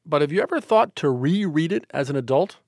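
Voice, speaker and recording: A man's voice: on the high side, expressive, a little fast, darkish tone, no echo. Radio host, man, polished delivery, dry close mic. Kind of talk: scripted radio hosting.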